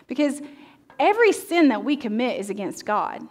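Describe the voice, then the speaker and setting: Woman pastor, sermon delivery, higher voice, dramatic scripture reading. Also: big pitch swings, moderate pace. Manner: dramatic reading, asks the audience questions. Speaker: teaching pastor.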